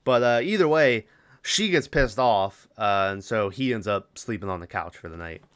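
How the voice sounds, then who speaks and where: A man's voice: lowish voice, expressive, moderate pace, a bit bright. Casual, profane man recapping a film. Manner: rambling, profane, filler-heavy retelling. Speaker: podcast host.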